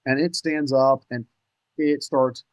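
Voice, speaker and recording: A man guesting on a podcast, telling hunting stories in an animated, excitable way with casual cursing. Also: mid-range voice, takes it slowly, no room sound, poor audio. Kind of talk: casual storytelling chat.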